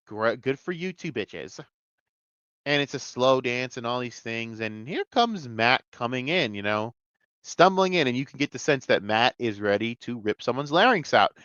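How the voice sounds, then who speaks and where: A man's voice: mid-range voice, a bit bright. A man rants through a TV episode review, cursing at nearly every turn and mocking the characters. His voice sits in a middle range. The recording sounds dull and dry, with no room echo. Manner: swears constantly, ranting and mocking. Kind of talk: casual profane review rant.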